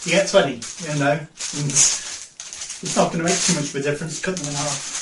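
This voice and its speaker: A man's voice: a little high, steady tone, moderate pace. A man chatting casually through a haul video, rambling, laughing often and sometimes talking with his mouth full. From England. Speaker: vlogger. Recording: echoey room with faint noise.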